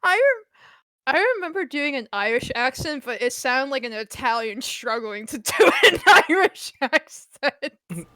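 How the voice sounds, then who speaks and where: Casual: high bright girl chatting at the table, giggly, lots of ups and downs. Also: a little slow, no room sound. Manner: giggly, hesitant, animated. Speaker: player. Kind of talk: casual chat.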